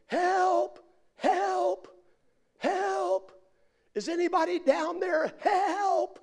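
A man voicing a panicked man hanging from a cliff, yelling frantically for help in a strained high voice. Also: fairly even intonation, drawn-out words, heavily acted.

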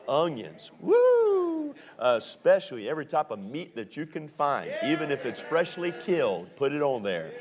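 A middle-aged man from Maryland preaching a sermon, telling stories with slow, drawn-out emphasis and many fillers. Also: medium pitch. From Maryland, USA.

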